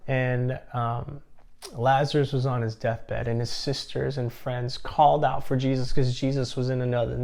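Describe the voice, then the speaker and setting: A man's voice: medium pitch, a little mellow. Male seminar speaker: earnest, reflective sermon delivery, mid-range voice, frequent restarts. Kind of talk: sermon-style talk.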